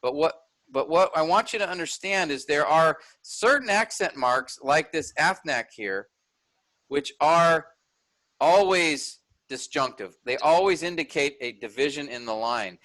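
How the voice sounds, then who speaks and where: A man's voice: on the high side, lively intonation, unhurried, fairly bright tone. A middle-aged man teaching a class, explaining step by step and often checking in with "all right?". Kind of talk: recorded lecture with screen sharing.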